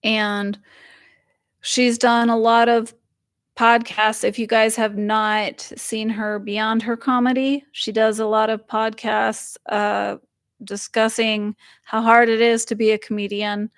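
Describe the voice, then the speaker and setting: Streamer host: young woman, higher pitch, rambling casual chat, dry close recording. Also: flat delivery, slow pace, dry recording. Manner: rambling, frequent fillers and laughs, reads viewer comments aloud. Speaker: livestream host reading chat.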